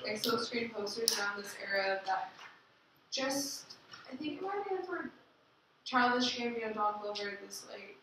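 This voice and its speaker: A woman's voice: a little high, animated, normal speed, sharp tone. A young woman speaking up in class, hesitant and full of "like". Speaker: student. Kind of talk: classroom question. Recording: distant, echoey, noisy room.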